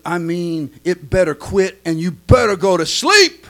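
A man's voice: high voice, sing-song, unhurried, fairly bright tone, pitched below the performer's own voice, heavily acted. A man voicing a tired mother who scolds her child in a stern voice. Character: tired, exasperated mother at bedtime.

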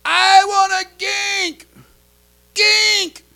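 Guy doing a whiny lil toddler boy w/ baby talk, high squeaky voice, stubborn, gravelly edge. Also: very animated, takes it slowly, bright, forceful tone, heavily acted. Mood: whining. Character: whiny stubborn three-year-old boy begging.

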